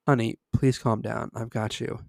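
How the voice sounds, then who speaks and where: A man's voice: medium pitch, flat delivery, moderate pace, gravelly, dry recording, clean studio sound, natural voice. A man reading aloud, voicing a tearful, relieved mother who soothes her child. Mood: soothing.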